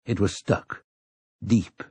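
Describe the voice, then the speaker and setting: A man reading a novel aloud as an audiobook narrator in measured storytelling. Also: darkish tone, no room sound. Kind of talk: scripted narration.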